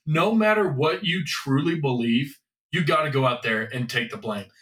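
A man's voice: on the high side, moderate pace, a bit bright. A man co-hosting a podcast in casual sports chat, loose and rambling, now and then swearing. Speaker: podcast co-host. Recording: echoey room, mic at a distance.

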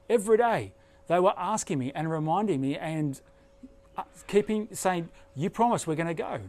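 A middle-aged man delivering a sermon with a notably high voice. He preaches earnestly, pushing up into emphatic bursts when he drives a point home. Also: animated, normal speed, a little mellow. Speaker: pastor.

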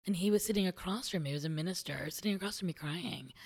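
A woman in a relaxed conversation, reflectively telling a personal story and laughing easily. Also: lowish voice, fast talker. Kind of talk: conversational podcast chat.

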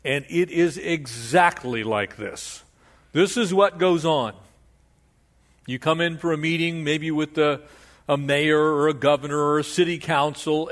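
Older pastor guy teaching through a bible passage, chatty and animated, slightly high voice. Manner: animated, conversational, with frequent restarts. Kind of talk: expository sermon.

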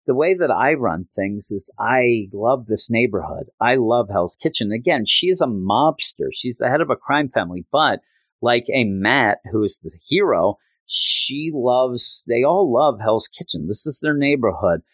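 A man's voice: medium pitch, lively intonation, measured pace, a bit bright, no room sound. A man hosting a podcast, recapping a comic book story in an earnest, rambling way with many fillers. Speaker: podcast host.

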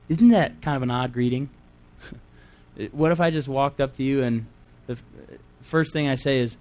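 Earnest male preacher, slightly high voice. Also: normal speed. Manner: earnest, reads scripture aloud with asides and light laughs. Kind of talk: sermon with scripture reading.

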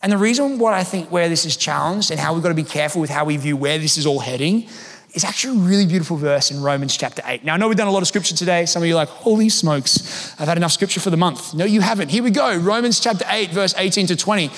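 A man preaching a sermon as pastor, with animated, emphatic delivery and conversational asides. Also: high voice, racing, big-room sound.

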